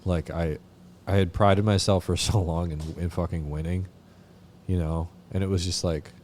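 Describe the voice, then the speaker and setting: A man from Vermont, a podcast guest, telling his recovery story in a halting way with lots of fillers and swearing. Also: deep voice, fairly even intonation, darkish tone, a little hiss or hum. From Vermont, USA. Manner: halting, many fillers and restarts, frequent swearing. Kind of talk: candid personal recovery story.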